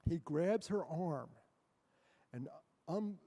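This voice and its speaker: A man speaking as a guest at a church, telling his story in an animated, self-mocking way. His voice is a touch high and mellow. It rings with long reverb from the hall. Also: extremely slow. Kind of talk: storytelling talk to a church audience.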